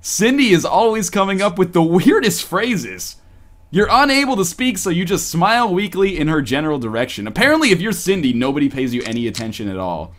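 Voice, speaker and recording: Brief: podcast host, lively up-and-down reading voice, a bit high, quips mid-sentence. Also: male voice, fairly quick. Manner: animated, breaks off for joking asides. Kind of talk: comic reading of a romance story.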